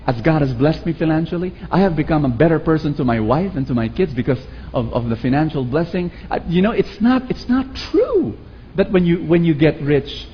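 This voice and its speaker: A man preaching a sermon with a Filipino accent, animated and calling on the audience to repeat after him. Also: a little high, dull audio, slight background noise. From Philippines. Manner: animated, acts out quoted voices, calls for audience response.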